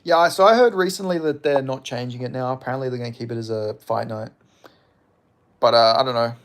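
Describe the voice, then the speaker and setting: A man's voice: mid-range voice, brisk. Casual, profane Australian young man. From Western Australia. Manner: rambling and profane, with frequent fillers and chuckles. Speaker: MMA commentator reading live chat. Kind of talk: casual livestream chat.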